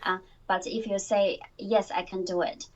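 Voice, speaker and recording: A woman's voice: mid-range voice, little pitch movement, normal speed, a little mellow, recorded from a distance. This is a woman taking a pronunciation lesson who asks questions and repeats phrases with care. Her voice comes through a dull, muffled line and sounds set back from the microphone. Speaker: language student. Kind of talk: online lesson, repeating after teacher.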